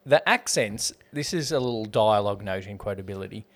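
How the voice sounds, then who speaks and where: A man's voice: lowish voice, expressive, fairly bright tone. A man co-hosting a podcast, chatting casually and joking as he rates a film. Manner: joking, rambling, quick to laugh. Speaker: podcast co-host. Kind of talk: casual chat.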